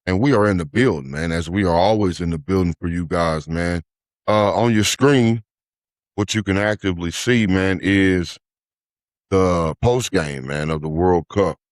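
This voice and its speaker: Male podcast host, low voice, loose chatty commentary, heavy "man" and "uh" filler, dry recording. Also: no room sound. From United States. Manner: says "man" after nearly every phrase, many "uh" fillers. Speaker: podcast host, life coach.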